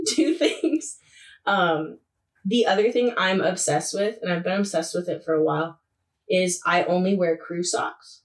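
A young woman co-hosting a casual sports podcast, telling stories in an animated way with frequent laughter. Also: fairly low pitch, far from the mic. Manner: animated storytelling, laughs often, quick asides. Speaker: podcast co-host. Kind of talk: casual chat.

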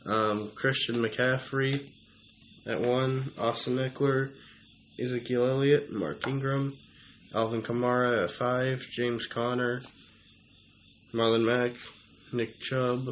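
A man co-hosting a casual sports rankings chat, reading long lists of names in a halting, methodical way. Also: medium pitch, flat delivery, fairly bright tone. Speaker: co-host. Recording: slightly dull audio, faint noise.

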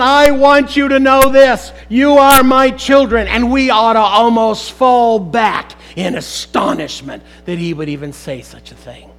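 A man with a strikingly high voice preaches to a congregation gathered in a church. He quizzes the listeners with rhetorical questions and swells into emphatic exclamations. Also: low-quality recording. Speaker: pastor. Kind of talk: sermon.

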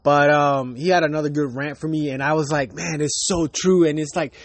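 High-voiced man ranting on his podcast. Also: little pitch movement, a little fast, no echo. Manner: loose, profane, laughing often. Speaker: podcast host. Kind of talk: casual ranting monologue. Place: Miami.

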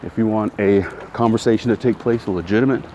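Low-voiced man rambling outdoors. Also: fast talker, dark tone, highs cut off. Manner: rambling, self-correcting, greets passersby. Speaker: podcast host. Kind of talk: casual walking podcast monologue. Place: outdoors in a town, walking. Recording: outdoor street noise. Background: traffic and street sounds.

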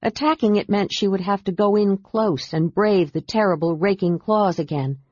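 A woman narrating a fantasy audiobook in a steady, measured reading style. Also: mid-range voice, slightly rough, no room sound. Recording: dull, dry lo-fi audiobook recording.

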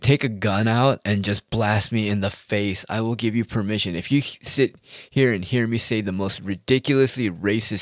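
A man with a fairly low voice rants casually to his audience, drifting between topics. He swears constantly and grows heated and scornful. The recording is dry and close, with no room sound. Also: dry recording. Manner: profane, rambling, heated. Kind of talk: casual ranting monologue.

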